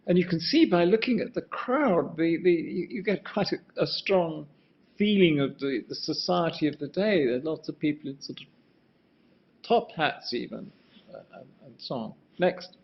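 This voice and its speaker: A man's voice: a little high, expressive, normal speed, vocal fry. An older man giving a rambling, musing lecture on architecture, often restarting his sentences and asking for the next slide. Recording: muffled lo-fi sound.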